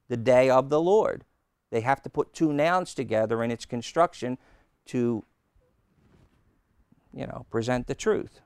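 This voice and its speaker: Emphatic slow-teaching male preacher. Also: medium pitch, no echo, clean studio sound. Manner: slow, emphatic teaching with sudden loud stresses. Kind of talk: sermon teaching. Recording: old taped sermon.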